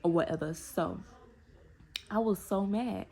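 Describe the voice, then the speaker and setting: A young woman, telling a personal story to her viewers in a casual, animated way with many asides to them. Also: fairly low pitch, normal speed, creaky, husky. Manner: animated, talks straight to viewers with repeated asides. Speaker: storytime vlogger.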